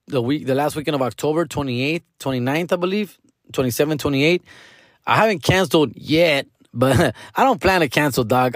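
A man's voice: on the high side, no echo, studio quality. A man in his forties hosting a comedy podcast, rambling casually in slangy, profane talk with Spanish words mixed in. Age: 40s.

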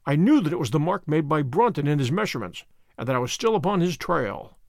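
An actor playing a sharp, methodical detective, recounting a case with precise, measured storytelling in a radio drama. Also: male voice, fairly high pitch, very animated, gravelly, no echo, studio quality. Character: Holmes, sharp methodical male detective narrating.

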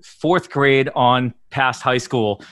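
A man's voice: medium pitch, takes it slowly, a bit bright, dry recording, studio quality. A man from the area, telling stories in a profane, rambling way on a casual podcast, laughing often. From Boston area, Massachusetts. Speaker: touring musician and podcast guest. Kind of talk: casual podcast chat, storytelling.

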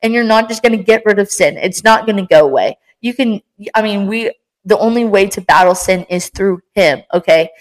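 A woman's voice: mid-range voice, a little fast, rough recording. A young woman hosting a casual faith podcast, talking with passion and energy in a rambling, encouraging way. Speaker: podcast host.

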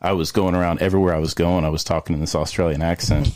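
A man, a podcast guest, telling an animated story in casual chat and laughing often. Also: low-pitched, quick pace, no room sound, studio quality.

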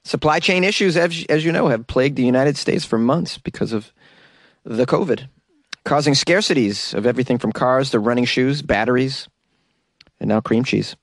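A man rambles through a solo podcast in an animated, joking way and keeps laughing at himself. His pitch sits in the middle of the male range. The sound is dry and close, with no room echo. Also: normal speed. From New York. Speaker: podcast host. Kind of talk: casual solo podcast monologue.

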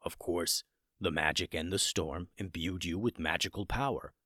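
A man voicing a kindly, bumbling old male wizard who stammers when flustered, in a low voice close to his own. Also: normal speed, pushed and bright, dry recording. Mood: musing.

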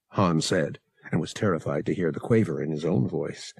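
A man narrating an audiobook in a measured, expressive storytelling manner. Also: rumbling low, vocal fry, slightly rough, no room sound, studio quality.

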